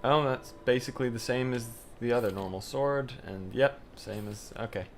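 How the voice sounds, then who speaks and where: A man's voice: mid-range voice, normal speed, slight background noise. A man streaming a video game, chatting and reacting as he plays and reads on-screen text. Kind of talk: let's play commentary.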